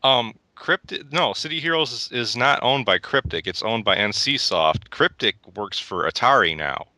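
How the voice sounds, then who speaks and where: A man's voice: medium pitch, animated, moderate pace, pushed and bright, no echo. A young man co-hosting a casual gaming podcast, opinionated and rambling with restarts. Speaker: podcast co-host.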